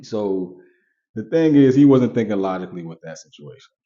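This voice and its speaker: A man's voice: lowish voice, expressive, normal speed, mellow. Male vlogger, casual direct-to-viewer commentary, dull lo-fi recording. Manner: conversational, repeats points, talks straight to viewers.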